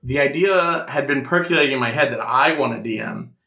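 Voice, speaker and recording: A man's voice: mid-range voice, a little fast, sharp tone. A young man chatting casually, rambling and self-mocking with lots of fillers as he tells a story. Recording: roomy echoey room.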